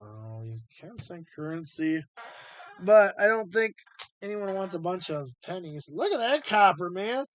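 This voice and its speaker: A man's voice: high-pitched, big pitch swings, unhurried, a bit bright. A man hosting a live stream, chatting casually and rambling as he thinks aloud while sorting coins.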